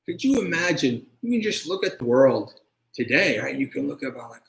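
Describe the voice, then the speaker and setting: A monk giving a conversational dharma talk and answering questions, often checking in with "right?". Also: male voice, medium pitch, fairly quick, gravelly, a bit bright. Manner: conversational, keeps asking "right?". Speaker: monk teacher. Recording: echoey room.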